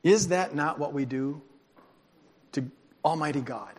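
A pastor giving a sermon, telling a story dramatically and moving between hushed and loud passages. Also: male voice, fairly high pitch, measured pace, husky. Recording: long hall reverb.

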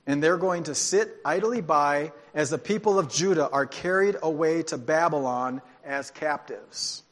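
A pastor giving a sermon, telling a story dramatically and moving between hushed and loud passages. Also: male voice, a little high, a little slow. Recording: long hall reverb.

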